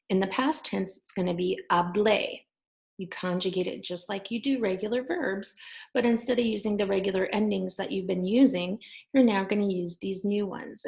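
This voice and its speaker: A woman teaching a class, patiently repeating verb endings slowly. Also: medium pitch, creaky, low-quality recording. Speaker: Spanish teacher. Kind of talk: recorded class lesson.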